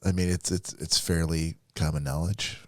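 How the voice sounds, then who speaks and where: An animated man co-hosting a casual podcast, tripping over his words as he tells a story. His voice sits low and the sound is dry. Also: normal speed, dry recording. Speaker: podcast co-host. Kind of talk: casual chat.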